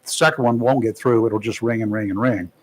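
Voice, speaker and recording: A male talk radio host chatting on air from a studio. His talk is folksy and loose, full of small jokes, and he often pauses on "uh" as he goes. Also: lowish voice, steady tone, poor audio. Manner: folksy and joking, with many fillers. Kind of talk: casual talk radio commentary.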